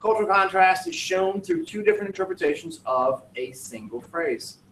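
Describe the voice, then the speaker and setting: A male teacher goes through a student project aloud, mixing plain feedback with dry, joking asides. His voice sits a little high, and it carries from a distance in a roomy, echoing classroom with a faint hum of ambience. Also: expressive, moderate pace, fairly bright tone. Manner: wry, joking asides while reading aloud. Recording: echoey classroom, distant mic.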